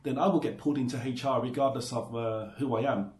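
A man's voice: medium pitch, steady tone, fast, a little mellow. A British-born man chats casually as a podcast guest. He hesitates often and restarts his phrases. His voice sits in a mid range and sounds roomy and echoey. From Britain. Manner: hesitant, many fillers and restarts. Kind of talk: casual chat. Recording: echoey room.

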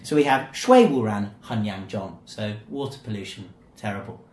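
A man's voice: lowish voice, lively intonation, moderate pace, a little mellow. A man hosting a casual podcast, playful and teasing as he leads the banter among his guests. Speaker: podcast host. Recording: echoey room.

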